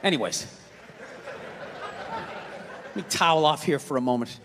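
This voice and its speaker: A man performing a stand-up comedy routine, ranting in exasperation and shouting his punchlines. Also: on the high side, animated, moderate pace. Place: comedy theater stage. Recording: live hall reverb, crowd laughter and noise.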